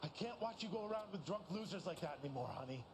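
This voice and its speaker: A man's voice: high-pitched, animated, fast talker. An actor playing a jealous, possessive man who angrily confronts a rival in a video game. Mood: accusing. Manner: accusing and possessive. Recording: distant game audio with background noise.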